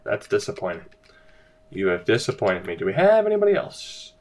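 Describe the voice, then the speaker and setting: A man casually commenting while playing a hockey game, joking and stumbling over players' names. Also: fairly high pitch. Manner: joking, sounds out names, laughs often. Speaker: gaming YouTuber. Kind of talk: casual let's-play commentary.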